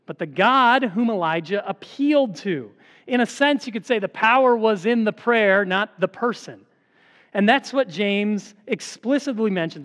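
A man's voice: sits high, in a large hall. A man preaching a sermon as pastor, earnest and emphatic, asking rhetorical questions and answering them.

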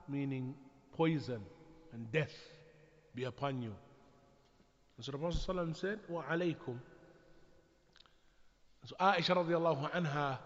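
A man giving a religious lecture in a measured way, with frequent restarts and pauses. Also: on the high side, fairly bright tone. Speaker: Islamic preacher. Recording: echoey hall, dull lo-fi sound.

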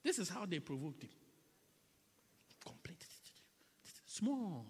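A man preaching a sermon in a church, swinging between loud, drawn-out lines and hushed whispers, repeating words for effect. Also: sits high, very animated, slightly rough. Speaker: pastor. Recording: echoey church hall.

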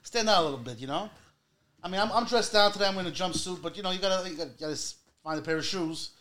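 A man's voice: sits high, very fast, pushed and bright. A middle-aged man, hosting a casual chat in a blunt, joking way. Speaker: host.

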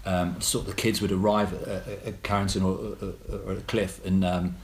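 A man chatting casually as a coaching guest, speaking in fast, halting bursts with many repeats. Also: low voice, flat delivery, echoey room. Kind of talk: casual podcast chat.

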